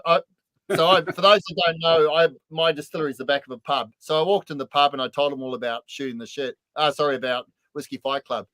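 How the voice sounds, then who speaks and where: A man co-hosting a casual chat, telling stories with animated build-ups and laughter. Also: on the high side, no room sound, poor audio. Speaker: podcast co-host.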